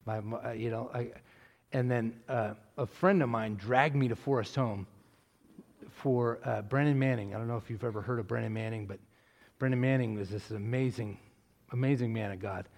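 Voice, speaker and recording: Rambling pastor in an echoing hall. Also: male voice, medium pitch, steady tone, normal speed, gravelly. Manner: rambling with restarts, building to loud preaching. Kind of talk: testimony answering a question, church talk. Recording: long hall reverb.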